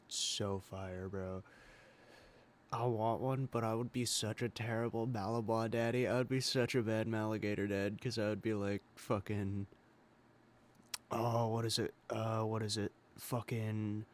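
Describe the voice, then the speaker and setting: A young man with a lowish voice rambles on a casual stream, trailing off and swearing. His talk drifts loosely from one thought to the next. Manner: rambling, mumbled, heavy swearing.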